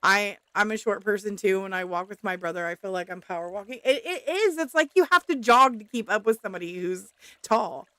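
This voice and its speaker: A woman's voice: mid-range voice, brisk, fairly bright tone, no echo. A woman streaming a farming game, chatting casually with viewers, reading their messages aloud and laughing often.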